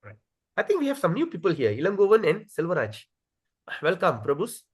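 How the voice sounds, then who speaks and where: Animated high-voiced man teaching scripture. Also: slightly rough. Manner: repeats and chants words slowly to demonstrate pronunciation; addresses listeners directly, checks with "okay?". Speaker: teacher leading a scripture study. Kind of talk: devotional class teaching.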